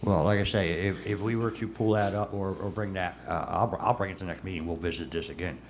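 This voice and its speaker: A New man speaks at a city council meeting, pressing his case and doubling back on words as he goes. His voice sits a little low. A light hiss runs under the stream. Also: fairly even intonation, fast talker. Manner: emphatic, repeats words when pressing a point. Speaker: city commissioner.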